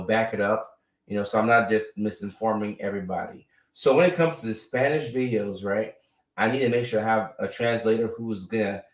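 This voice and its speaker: A man from the United States runs a live stream in a relaxed, conversational way, peppering his points with "right?" and fillers. His voice is low-ish, recorded from a distance in an echoey room, a bit off-mic.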